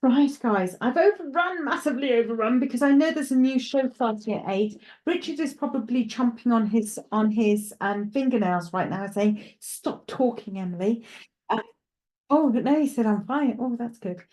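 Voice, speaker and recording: A woman's voice: a little high, moderate pace, darkish tone. A woman with a Welsh accent presenting live psychic readings, talking reassuringly and chattily to a caller.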